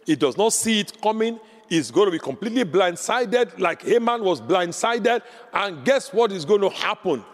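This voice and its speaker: A man's voice: sits high, big-room sound. A man preaching a sermon as pastor, impassioned and repeating lines for emphasis.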